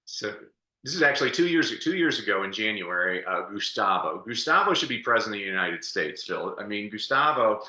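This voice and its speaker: Male coach guest, chatty storyteller, tense bright tone, echoey room sound. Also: on the low side. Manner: energetic, chatty storyteller who laughs often. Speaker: podcast guest, speaker and coach. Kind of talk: storytelling interview answer.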